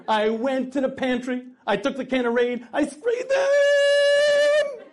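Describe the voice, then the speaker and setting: A man playing an excitable young wife in a story he tells, exclaiming breathlessly. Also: medium pitch, normal speed, lightly acted. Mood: excited, proud.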